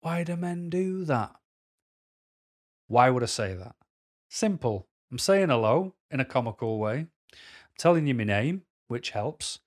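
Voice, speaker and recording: A man's voice: medium pitch, big pitch swings, unhurried, long pauses. A man giving dating advice to camera in a casual vlog, jokey and self-deprecating.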